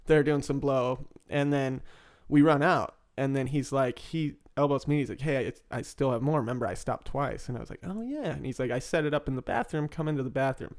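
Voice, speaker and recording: A man telling animated stories in casual conversation, laughing often and acting out loud exclamations. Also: medium pitch, brisk. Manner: animated, laughs often, mimics others loudly. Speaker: interviewee in recovery. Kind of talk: casual storytelling.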